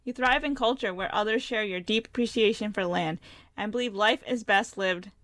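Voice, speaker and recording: A woman's voice: medium pitch, normal speed, fairly bright tone, dry recording. A young woman in casual chat, reading out quiz results and teasing her friend with a laugh.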